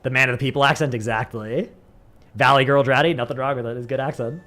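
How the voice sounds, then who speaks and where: A man's voice: medium pitch, steady tone, quick pace, bright, forceful tone. A man with a Northern Californian accent, a livestreamer chatting casually with his viewers, rambling and dropping "like" into many sentences. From San Francisco Bay Area. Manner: rambling, says "like" a lot.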